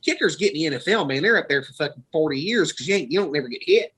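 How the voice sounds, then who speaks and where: Man, podcast host, lively swooping delivery, slightly high voice, profane rambling tales. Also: racing, slightly rough, rough recording. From Florida, US. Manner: rambling, profane, laughing storyteller. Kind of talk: casual storytelling chat.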